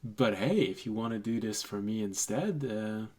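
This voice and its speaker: A man acting as game master, narrating and speaking for characters, hesitant and full of pauses. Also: fairly low pitch, animated, warm tone, slightly rough. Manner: hesitant, full of ums and restarts.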